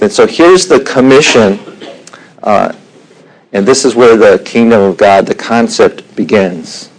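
A middle-aged man teaching a Bible lesson in an unhurried way, with frequent fillers and the odd throat clearing. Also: lowish voice, slight background noise, rough recording.

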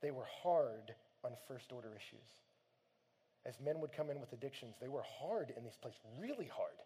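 A man preaching a sermon, swinging between quiet, gentle passages and loud, emphatic shouting. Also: medium pitch, animated, moderate pace, husky. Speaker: pastor.

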